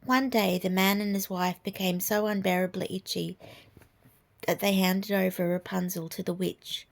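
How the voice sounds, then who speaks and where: A woman reading a fairy tale aloud, softly and half-whispered. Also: mid-range voice, steady tone, moderate pace, creaky. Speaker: storyteller. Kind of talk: storybook reading.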